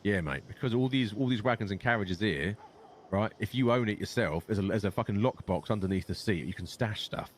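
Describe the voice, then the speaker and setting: A man's voice: on the low side, a little fast, slight background noise. A young man with a London accent, telling a long story in character and swearing often. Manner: swears a lot, rambling storyteller. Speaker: gang leader in roleplay. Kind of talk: in-character roleplay chat.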